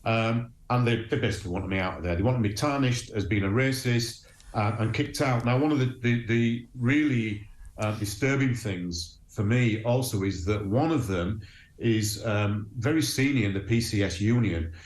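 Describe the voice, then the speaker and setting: A man's voice: on the low side, normal speed. A man from Huddersfield, a guest telling his story earnestly, with many ums and restarts. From Huddersfield, England. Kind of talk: remote interview. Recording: echoey room with faint noise.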